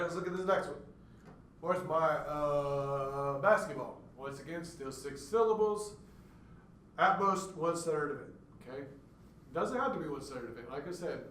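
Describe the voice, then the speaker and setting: Male lecturer, somewhat high voice, explanatory, demonstrates stutters, recorded from afar, faint room ambience. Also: a bit bright, slight background noise. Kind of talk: classroom lecture. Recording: echoey room, mic far off.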